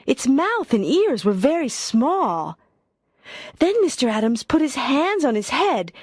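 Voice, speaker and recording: A woman reads a story for English learners in a slow, expressive way, her pitch moving a lot. Her voice is a little husky, and the recording is dry and close. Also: no echo. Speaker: narrator.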